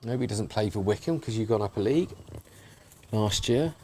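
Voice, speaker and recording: A man's voice: lowish voice, lively intonation, fairly quick. An English man doing casual, banter-filled live cricket commentary outdoors at a ground. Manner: chatty, banter-filled, shouts out to people. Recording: faint background noise.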